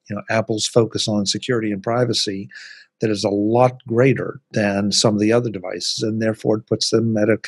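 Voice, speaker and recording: A man's voice: lowish voice, slightly rough, dry recording, clean studio sound. A man hosting a podcast, chatting casually about tech and often repeating words as he starts a thought. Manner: conversational, repeats words when starting sentences. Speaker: podcast host.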